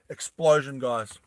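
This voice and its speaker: A man casually retelling a movie plot, animated and rambling, often laughing. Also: medium pitch, no echo, studio quality. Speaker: storyteller.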